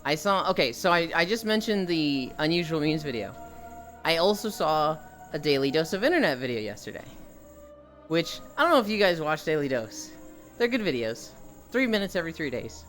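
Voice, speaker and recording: A streamer keeps a steady treadmill walk while spinning animated, loosely told stories for viewers. The pitch leaps around expressively as the stories build, and swearing slips in casually. A little music hums quietly in the background. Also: fairly quick. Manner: walking on a treadmill while talking. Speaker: live streamer.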